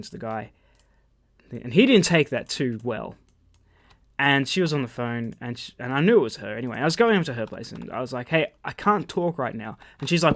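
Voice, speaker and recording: A man with an Australian accent telling rambling, animated stories while commentating his gameplay, swearing freely. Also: medium pitch, fairly quick, dry recording. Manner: rambling, animated anecdotes with profanity. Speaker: gaming channel host. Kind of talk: storytelling over gameplay commentary.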